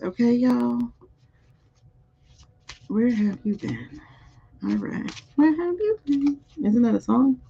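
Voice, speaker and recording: A woman's voice: a little high, animated, slow pace, creaky, pauses often, mellow, slightly rough. A woman doing a live-streamed spiritual card reading, musing aloud over the cards and chatting with viewers. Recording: dull, muffled audio.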